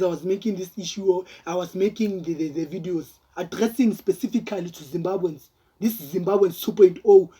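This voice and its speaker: A man's voice: high voice, mellow, breathy edge. A man doing heated, rambling reaction commentary, talking straight to his viewers. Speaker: vlogger.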